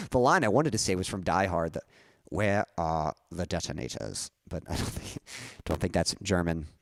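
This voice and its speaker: A man's voice: on the low side, no room sound, clean studio sound. A young man chatting casually on his music live stream, rambling and correcting himself with small chuckles.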